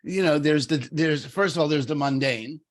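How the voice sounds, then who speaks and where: A middle-aged man co-hosting a podcast, talking casually and telling a story, animated, with many fillers and restarts. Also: on the high side, normal speed. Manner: animated, lots of fillers and restarts, acts out quoted voices. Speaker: podcast co-host.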